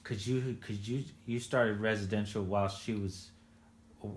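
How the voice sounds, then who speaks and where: A man interviewing a father he worked with, asking gentle leading questions with frequent restarts. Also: fairly low pitch, steady tone, normal speed, echoey room. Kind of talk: casual interview.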